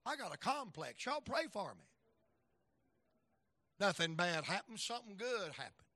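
A middle-aged man preaching a sermon as an evangelist, telling folksy stories and acting out voices, swinging from loud to soft. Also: fairly high pitch, dry recording.

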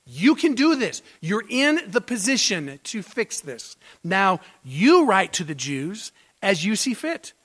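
A man's voice: high voice, sing-song, slow pace, hardly any pauses, fairly bright tone, exaggerated voice. A man preacher voicing an ancient male king who is impatient and commanding, talking in a raised, insistent way. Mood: exasperated.

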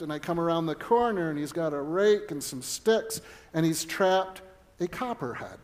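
Middle-aged male pastor with a high voice, earnest sermon delivery with stories. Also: animated, moderate pace. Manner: earnest preaching mixed with personal storytelling.

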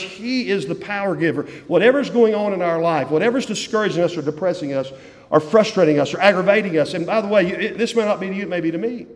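Male pastor, slightly high voice, fervent sermon with loud and hushed swings, long church hall reverb. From West Virginia, USA. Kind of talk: evening sermon. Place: church sanctuary.

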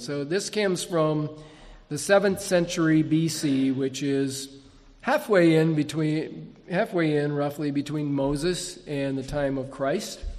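Slow, earnest preacher man in a reverberant hall. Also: a little high, darkish tone. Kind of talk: evening sermon.

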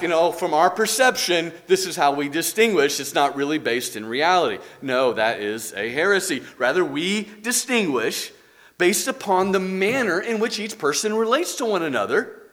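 A man's voice: high-pitched, fairly bright tone. A man teaching a church doctrine class, earnest and explaining through examples and rhetorical questions. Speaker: Bible teacher.

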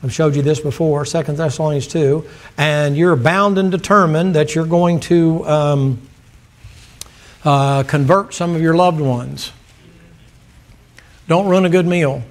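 A man's voice: fairly high pitch, a little slow, long pauses. A man, preaching a sermon in a folksy, joking manner. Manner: folksy, animated preaching with jokes. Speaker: pastor.

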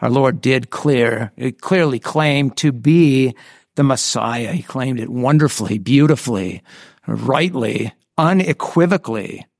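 A man's voice: medium pitch, expressive, a little slow, gravelly, no room sound, clean studio sound. A man preaching a sermon in an earnest way, often restarting his phrases. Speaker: pastor.

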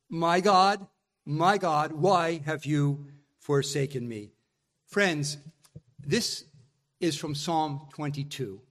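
A man's voice: on the high side, fairly bright tone. A man preaching a sermon, teaching earnestly through a psalm and rising to impassioned emphasis on its cries.

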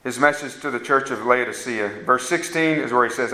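A man's voice: medium pitch, fairly quick, sharp tone. A man preaching a fervent sermon that rises to emphatic peaks. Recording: echoey room sound.

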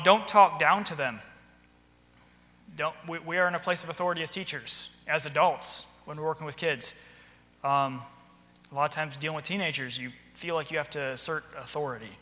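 Man, teacher running a training talk, a bit high, crisp bright voice, reverberant hall. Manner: earnest, conversational, drops to soft voice for acted quotes. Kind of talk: instructional talk with acted classroom dialogue. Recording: long echoey hall reverb.

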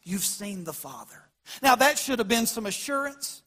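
Male pastor with a high voice, delivering an animated sermon with a long hall reverb behind him. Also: moderate pace. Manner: animated preaching, swells loud on quoted scripture.

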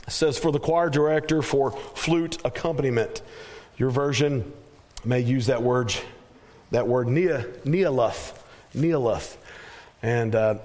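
A man preaching a sermon as pastor, earnest, often repeating words as he searches for a phrase and slowing down to stress scripture. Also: medium pitch.

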